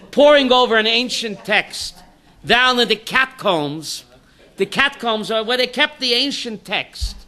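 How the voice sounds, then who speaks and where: A man teaching an informal Torah class as a rabbi, telling stories with jokes and acting out the quotes. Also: very high-pitched. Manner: animated storyteller, acts out quotes.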